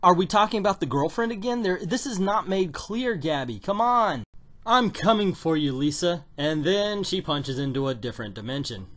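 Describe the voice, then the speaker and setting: A man's voice: sits high, very animated, fairly quick, few pauses, a bit bright, slight background noise. A man reviewing a comic book with sarcastic, exasperated commentary. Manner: exasperated, mocking.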